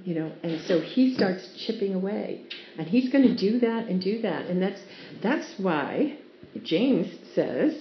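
A woman's voice: fairly low pitch, lively intonation, moderate pace, slight background noise. Earnest woman teaching Scripture in a roomy space. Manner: earnest, warm storytelling with laughs. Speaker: Bible teacher. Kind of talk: devotional teaching. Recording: roomy, dull lo-fi sound with faint ambience.

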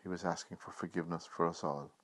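A man preaching a Good Friday sermon, reading scripture in an earnest, measured way. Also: low voice, steady tone, a bit bright.

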